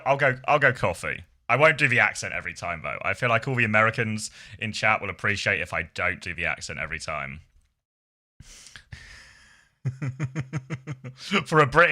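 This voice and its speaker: Middle-aged man, streamer, very bright and crisp tone, playful, laughs a lot. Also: mid-range voice. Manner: playful, laughs often, chatty with viewers. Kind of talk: casual live-stream chat.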